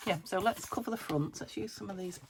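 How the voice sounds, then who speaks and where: A British woman chatting casually as she crafts at home, rambling, thinking aloud and dropping into soft muttered asides. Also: mid-range voice, a little fast. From United Kingdom. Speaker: craft vlogger. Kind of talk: casual chat while crafting. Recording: steady background noise.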